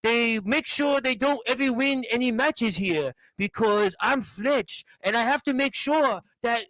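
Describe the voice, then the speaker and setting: A smug wrestling boss rambles on about himself, as a man mocks him. The voice sits very high and the sound is dry and close. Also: unhurried, sharp tone, dry recording, full character voice, rough recording. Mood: mocking. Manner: rambling, mocking.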